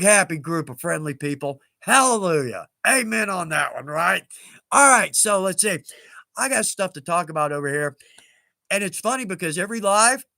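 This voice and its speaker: A man's voice: high voice, sharp tone, no echo. A middle-aged man hosting a casual livestream, chatty and folksy, laughing often. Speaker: livestream host.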